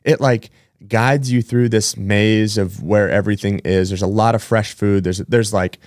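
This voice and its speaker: A man's voice: lowish voice, steady tone, moderate pace, a little mellow, no echo, studio quality. A man hosting a casual podcast, chatting in a rambling way with side-tracks and self-corrections. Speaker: podcast host. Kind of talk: casual solo podcast chat.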